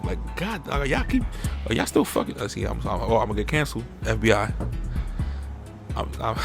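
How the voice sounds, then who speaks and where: A young man, hosting a podcast in a profane, animated rant that jumps into mocking high-pitched impressions. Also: normal speed, vocal fry, over music. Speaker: podcast host. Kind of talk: casual uncensored podcast rant.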